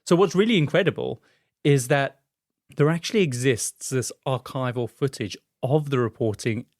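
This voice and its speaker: Man, podcast host, animated storyteller, mid pitch, dry close sound. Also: moderate pace, dry recording. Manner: animated, chatty, frequent fillers. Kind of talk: casual storytelling chat.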